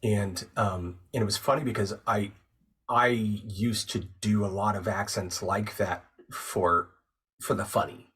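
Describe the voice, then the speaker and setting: A man who works as a voice actor and narrator, a guest on the show, calmly and thoughtfully explaining his craft step by step in casual conversation. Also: on the low side, measured pace, breathy edge, distant mic. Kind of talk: casual interview chat.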